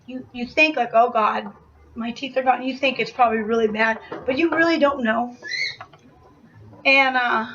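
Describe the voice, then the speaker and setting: A young woman telling a personal story to camera in a casual, animated way, full of "like" and acted-out quotes. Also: a little high, lo-fi sound, a little hiss or hum. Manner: animated retelling, acts out quoted shouts, frequent "like" fillers.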